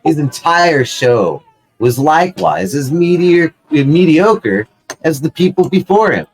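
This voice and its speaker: Male player, rambling profane storyteller, unhurried, animated pitch. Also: poor audio. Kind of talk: storytelling as a player in a tabletop game.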